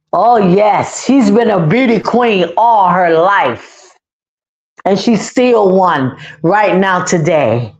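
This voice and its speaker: A woman's voice: medium pitch, a little mellow. A woman hosting her own channel, talking through an emotional monologue in a repetitive, pleading, heartfelt way. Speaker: channel host giving life advice.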